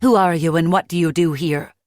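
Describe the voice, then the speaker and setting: A woman's voice: low voice, measured pace, a little mellow, no room sound. Cold, curt fighter woman, snarling, dry close voice, read by a woman narrator.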